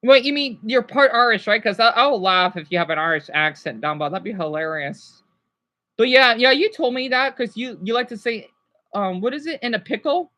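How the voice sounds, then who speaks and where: A woman's voice: fairly high pitch, lively intonation, brisk, sharp tone. A woman streaming live and chatting casually with her viewers.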